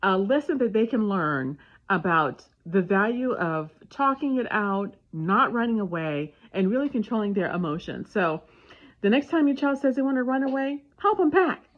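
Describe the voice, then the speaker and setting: A woman casually telling a family story and giving parenting advice, animated and acting out the dialogue. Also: medium pitch, moderate pace. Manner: animated retelling with voiced dialogue. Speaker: parenting vlogger. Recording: dull lo-fi sound.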